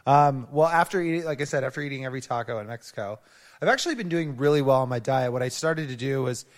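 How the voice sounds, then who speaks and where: A man's voice: mid-range voice, animated, quick pace, big-room sound. A man co-hosting a casual podcast chat, joking and self-mocking as he talks. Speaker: podcast co-host. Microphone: studio microphone, close.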